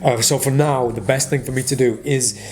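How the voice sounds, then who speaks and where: A man's voice: medium pitch, fairly even intonation, normal speed, a little mellow. A man hosting a magic vlog, casually reading out viewers' joke comments and teasing an off-camera helper. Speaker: magician host. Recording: background music.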